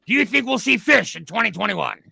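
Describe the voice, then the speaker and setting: Brief: blustering mock TV host, bright, sharp, gravelly. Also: male voice, high-pitched, very animated, a little fast, dry recording, heavily acted. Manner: loud, blustering, pushy. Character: brash adult male TV panel host. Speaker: comic news panel host. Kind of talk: comedy sketch, mock panel show.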